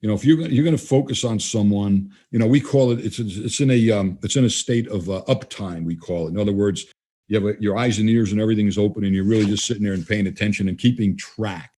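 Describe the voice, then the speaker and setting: Older male interview guest, mellow and husky, a loose storyteller who plays out the dialogue he quotes. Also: fairly low pitch, quick pace. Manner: conversational, acts out quoted dialogue. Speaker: guest trainer.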